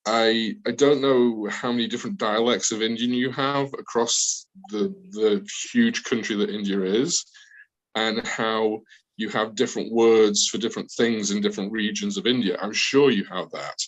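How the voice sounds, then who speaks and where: A man's voice: fairly low pitch, fairly even intonation, normal speed, poor audio. Chatty Northern English man teaching. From north of England. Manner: rambling, chatty, frequent restarts and ums. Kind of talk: online class introduction.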